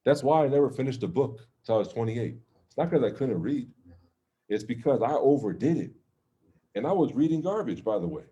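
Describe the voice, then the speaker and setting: A man's voice: mid-range voice, very animated, fairly quick, warm tone, dull audio. A man teaching an informal religious class, talking conversationally and checking in with his listeners with "okay?" and "right?". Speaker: Islamic teacher.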